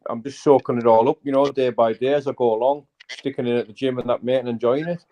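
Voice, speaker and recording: A man chats on a phone call while lying in bed. His talk is loose and friendly, full of "you know" and "mate", at a middle pitch. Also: steady tone, fast talker, mellow. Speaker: bare-knuckle fighter calling in. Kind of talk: casual chat.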